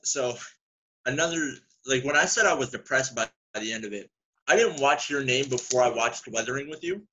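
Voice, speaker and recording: A male podcast guest in casual chat, reasoning in a measured, wry way. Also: mid-range voice, animated, pushed and bright. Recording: dull lo-fi sound.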